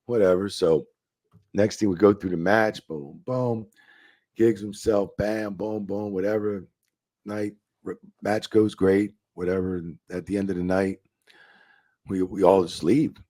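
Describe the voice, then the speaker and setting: A man who is a former wrestling referee, telling profane, animated backstage stories in a casual interview and acting out the quotes. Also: low-pitched, a little slow, no echo. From New Jersey.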